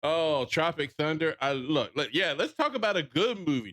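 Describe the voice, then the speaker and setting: A man's voice: fairly high pitch, expressive, normal speed, a bit bright. A man with a Southern drawl ranting bluntly on a casual livestream, swearing freely and often restarting his sentences. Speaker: streamer.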